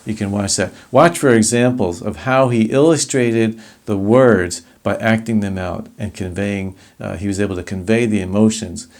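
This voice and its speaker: A man's voice: on the low side, moderate pace, hardly any pauses, a little mellow. A middle-aged man teaching public speaking in a recorded video lesson, explaining and demonstrating ways of delivering a speech.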